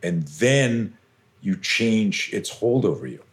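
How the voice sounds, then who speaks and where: A man's voice: lowish voice, lively intonation, takes it slowly. A middle-aged man, a self-defense coach, telling stories intensely and animatedly as a podcast guest, with casual swearing. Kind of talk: podcast interview storytelling.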